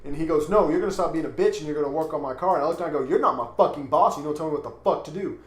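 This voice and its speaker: A man's voice: a little high, very fast. A young man with a Texan accent, telling a story and ranting in a casual, profane podcast chat. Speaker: podcast co-host. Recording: echoey room.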